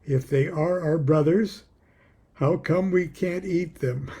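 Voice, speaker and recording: A man's voice: fairly high pitch, slow pace, warm tone, husky. A man reading his own book aloud, a wry, chuckling storyteller who breaks off into personal asides.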